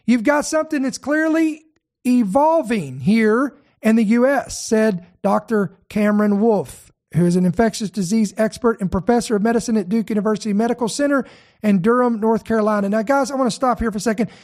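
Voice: mid-range voice, a little fast, a little mellow. A podcast host giving news commentary, reading articles aloud. The host stops often to stress single words and repeats phrases while talking.

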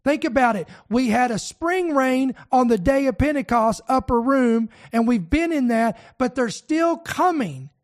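Fervent high-voiced preacher. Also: animated, measured pace, few pauses. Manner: fervent, exhorting, addresses listeners directly. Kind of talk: sermon with scripture reading.

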